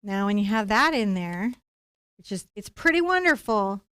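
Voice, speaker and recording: A woman's voice: medium pitch, big pitch swings, moderate pace, fairly bright tone, smooth, no room sound. Encouraging woman teaching painting, dry sound. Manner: encouraging, playful, talks to viewers directly. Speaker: painting instructor. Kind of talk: live-streamed painting lesson.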